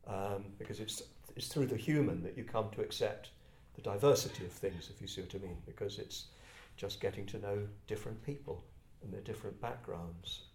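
An older English man from Kent telling personal stories to a group in a reflective, halting, self-deprecating way. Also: lowish voice, darkish tone. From England, Kent. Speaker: speaker addressing a group. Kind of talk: personal storytelling talk. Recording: roomy echo.

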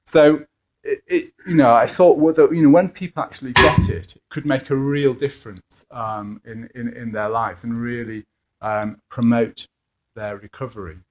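A man's voice: mid-range voice, fairly even intonation, moderate pace, slight background noise. A man, an addiction therapist who teaches mindfulness, telling anecdotes in a hesitant way with many fillers and chuckling asides. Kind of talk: anecdotal talk. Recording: dull lo-fi recording.

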